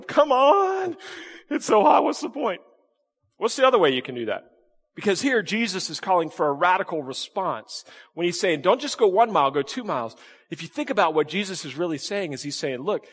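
A man preaching a sermon as pastor, folksy and talking to the congregation, with sudden jumps into high acted-out voices. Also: a bit bright. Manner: folksy, acts out voices with big pitch jumps. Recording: echoey hall reverb.

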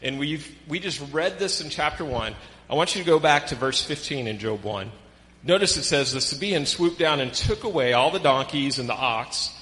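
Male pastor, animated sermon delivery, slightly high voice, long hall reverb. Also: moderate pace. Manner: animated, reads scripture aloud with emphasis.

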